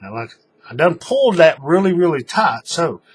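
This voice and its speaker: A man's voice: on the high side, big pitch swings, moderate pace, slight background noise. A man giving a casual, folksy hands-on craft tutorial, talking while he works. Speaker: paracord tutorial maker.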